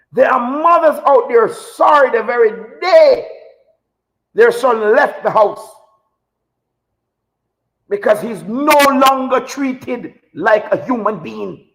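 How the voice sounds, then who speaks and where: A man with a very high voice hosts a live talk show and delivers an impassioned monologue. He talks like a preacher, hammering his points home with repetition. He sounds emotional. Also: fairly bright tone, rough recording. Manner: preachy, emphatic, repeats phrases for effect.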